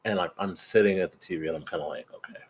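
Young guy on a podcast, low-ish voice, acts out every quote, cusses a lot. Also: rapid-fire, slightly rough. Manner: animated storytelling, acts out quotes, swears freely. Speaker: podcast co-host. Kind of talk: casual chat.

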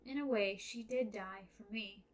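A woman voicing an earnest young man in love, speaking in a low, steady way while reading a novel aloud. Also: a little slow, natural voice, rough recording.

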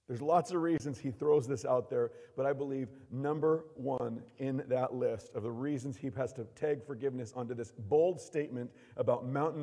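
Man preaching with big swings in volume. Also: medium pitch. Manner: lively preaching, acts out quotes, swings from loud to hushed. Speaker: pastor. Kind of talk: sermon. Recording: long hall reverb.

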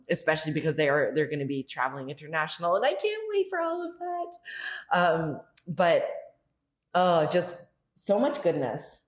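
A young woman hosting a podcast, talking candidly in a casual monologue, swearing freely and saying "like" a lot. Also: deep voice. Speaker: podcast host.

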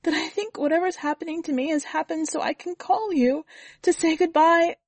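A woman's voice: very high-pitched, fairly even intonation, normal speed, dry recording, voice pushed up. A woman reader voicing a distraught young woman who pleads tearfully on a phone call with her dead mother. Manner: tearful, pleading, tripping over words.

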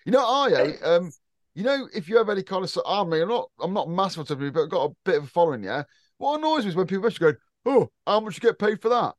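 A man hosts a podcast at a fast clip, blunt and teasing, swearing freely as he chats. His voice sits a little high and sounds close and dry, with no room around it. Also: sing-song, no room sound. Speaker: podcast host. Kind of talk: casual chat.

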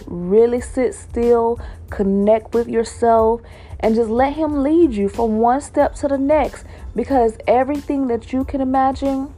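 A woman's voice: a little high, mellow. A young woman hosting a personal spiritual podcast, talking in a heartfelt, repetitive way. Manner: heartfelt, repetitive phrasing, sighs and laughs. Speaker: podcast host.

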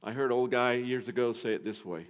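An older man preaching a sermon, emphatic, asking rhetorical questions and swinging between loud and soft. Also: mid-range voice, fast, smooth. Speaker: pastor. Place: church sanctuary. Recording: long hall reverb.

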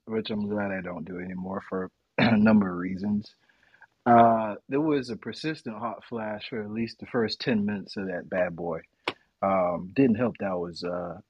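A man co-hosting a podcast, chatting casually as a reflective, lively storyteller. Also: fairly low pitch, husky, dry recording. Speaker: podcast co-host. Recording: dry, dull lo-fi sound.

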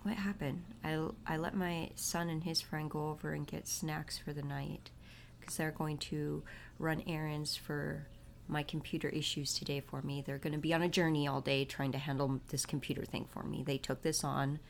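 A vlogger and mother chats casually with her viewers, opening up in a confessional way about her family and her faith. Her voice sits low and creaky, with a steady tone and normal speed. A faint hiss or hum runs underneath.

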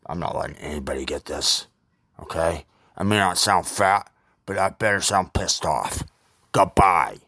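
Man doing a low, slow foul-mouthed braggart. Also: expressive, a bit bright, slightly rough, dry recording, clean studio sound, heavily acted. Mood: gushing. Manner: insulting, boastful rants. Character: brash, foul-mouthed man boasting, easily angered. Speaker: podcast host.

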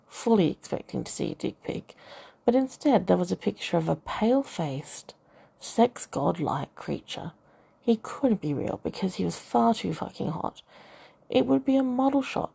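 A woman's voice: lowish voice, animated, normal speed, creaky, dark tone, husky. A woman narrating a first-person novel aloud with wry, dry humour. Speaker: audiobook narrator.

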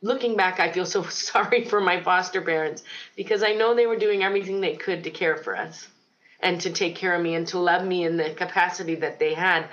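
A middle-aged woman from Ohio recounts her childhood in an interview, earnest and reflective, with frequent pauses and ums. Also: fairly low pitch, a bit bright, highs cut off. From Ohio, United States. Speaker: guest telling her life story. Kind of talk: personal testimony in an interview.

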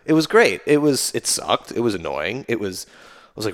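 Deep-voiced man telling war stories. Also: lively intonation, fairly quick, few pauses. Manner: loose and rambling, many fillers and restarts. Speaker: podcast guest, army veteran. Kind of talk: casual conversational storytelling.

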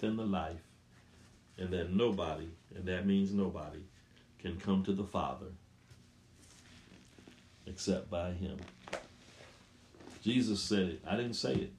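A man's voice: sits low, echoey room. A man preaching a sermon, emphatic and repetitive, reading scripture and pressing his points again and again. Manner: emphatic, repeats phrases, rises loud on scripture.

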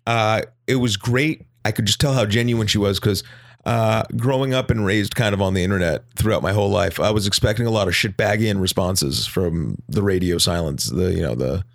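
A man's voice: fairly low pitch, fairly quick, creaky, no echo. A young man co-hosting a podcast in a studio, chatting casually with crude jokes and mock voices. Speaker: podcast co-host. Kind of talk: casual chat. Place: studio with wood floors.

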